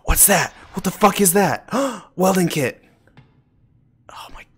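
A man's voice: high-pitched, big pitch swings, unhurried, breathy edge. A young man with a runny nose, playing a horror game as a streamer, swearing a lot, jumpy, muttering and talking to himself. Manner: swears a lot, jumpy, shouts and laughs at scares, whispers when hiding. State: runny nose, recovering from illness. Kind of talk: casual let's play commentary.

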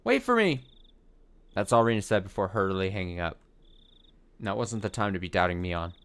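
A man streaming a visual novel, reading the story aloud and adding expressive, sometimes profane commentary. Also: deep voice, a little fast, slight background noise. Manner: expressive, swears when annoyed. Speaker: let's play streamer.

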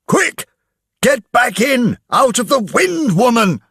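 A man's voice: lowish voice, big pitch swings, slow pace, breathy edge, no echo, studio quality, exaggerated voice. A man voicing a worried young ship's engineer in an audiobook, in a plain, earnest way. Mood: shouting. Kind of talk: audiobook character voice.

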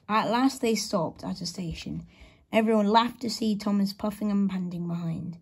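A woman reading a children's story aloud in a slow, gentle storybook manner. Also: medium pitch, breathy edge.

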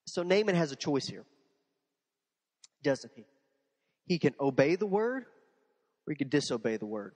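A man preaching a sermon as a pastor, animated, with rhetorical questions and repeated phrases. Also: on the high side, unhurried, pauses often, long reverb tail. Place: church sanctuary.

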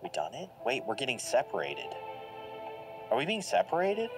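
A man giving lively, jokey commentary while playing a video game, reacting aloud and laughing often. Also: mid-range voice, moderate pace. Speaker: gameplay commentator. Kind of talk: let's play commentary. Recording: game music playing behind. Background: game music.

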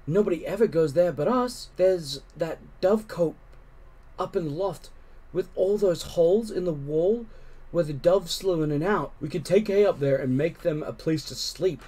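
A man voicing an earnest twelve-year-old boy in a storybook read-aloud, speaking low, quiet and fierce. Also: moderate pace, slightly rough.

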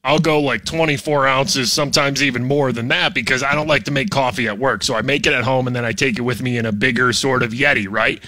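Bright-voiced coughing radio host at home. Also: male voice, mid-range voice, steady tone, quick pace, hardly any pauses. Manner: jokey, mock promo announcing, coughing. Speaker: radio morning show host. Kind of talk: casual radio chat from home.

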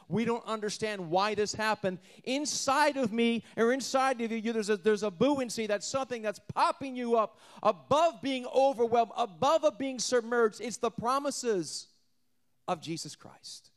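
A male pastor preaching a sermon, moving between loud emphasis and hushed passages, often repeating words as he restarts. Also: high-pitched, normal speed. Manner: animated, dramatic swings between loud emphasis and hushed delivery.

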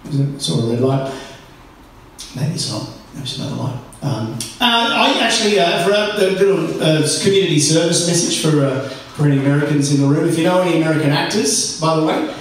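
Aussie stand-up, slightly high voice, wry rambling delivery, roomy club echo, mic distant. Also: male voice, a little fast, a little hiss or hum. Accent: Australian. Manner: rambling, wry, with many fillers. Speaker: stand-up comedian. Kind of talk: stand-up comedy set. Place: comedy club. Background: audience ambience.

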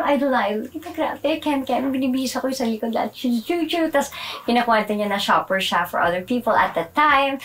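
A woman's voice: a little high, rough recording. A Filipina woman hosting her own vlog, talking casually and animatedly as she tells stories. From Philippines. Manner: animated, switching between English and Filipino, playful bursts. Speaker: vlog host. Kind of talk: casual chat and vlog narration.

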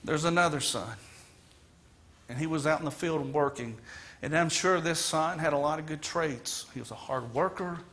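A man preaches a sermon in a church with an earnest, emphatic delivery. His voice sits high for a man and sounds bright and forward. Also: moderate pace. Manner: earnest, emphatic, dramatic storytelling. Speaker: guest minister. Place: church sanctuary.

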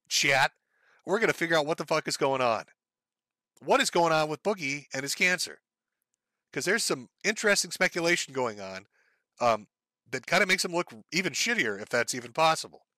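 A man's voice: on the high side, big pitch swings, normal speed, long pauses, sharp tone, no room sound. A man hosting a live stream, ranting in profane, sarcastic, mocking commentary. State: sore, says his throat gives out.

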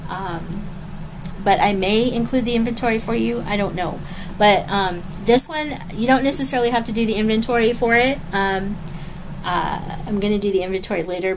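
A woman chatting casually as she unboxes a craft kit at home late at night, gushing and rambling with many ums and apologies. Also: medium pitch. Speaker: crafting vlogger. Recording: noticeable background noise.

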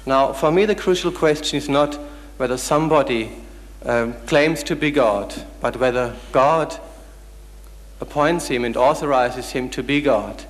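Polite, persistent questioner in a hall. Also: male voice, medium pitch, measured pace. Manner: polite but persistent, formally addresses the chair. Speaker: audience member asking a question. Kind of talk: questioning a speaker at a public lecture. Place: large lecture hall. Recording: long hall reverb.

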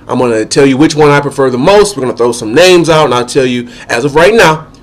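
A man with a cold and a nasal voice, giving methodical opinion commentary on football as an analyst. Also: medium pitch. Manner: measured, methodical, lists points one by one.

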